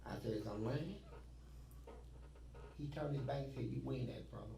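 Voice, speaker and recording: A man's voice: medium pitch, moderate pace, gravelly, warm tone, roomy sound, far from the mic, low-quality recording. A man telling blunt, profane stories from prison life in a streetwise way, recorded in an interview.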